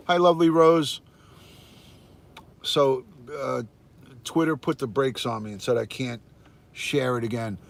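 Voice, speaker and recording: With a gravelly, medium-pitched voice, he speaks a little slowly in a steady tone and leaves long pauses. This older American man, a retired detective, hosts a casual live stream on his phone, cheerfully saying hello to viewers by name and calling out how many are tuned in.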